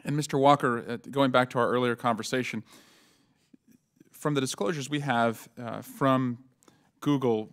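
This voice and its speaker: Smooth-voiced man questioning at a hearing. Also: medium pitch. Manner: measured questioning with frequent uh fillers. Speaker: congressman questioning witnesses. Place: hearing room.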